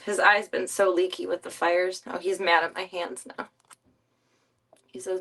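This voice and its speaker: A woman streamer in casual chat, talking softly and coaxingly to her pet. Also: lowish voice, flat delivery, a little slow, pauses often. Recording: distant mic.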